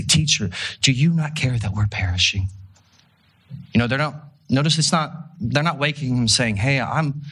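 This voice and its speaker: Bright, husky-voiced preacher man. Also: mid-range voice. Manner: casual, animated storytelling with rhetorical questions. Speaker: pastor. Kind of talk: conversational sermon.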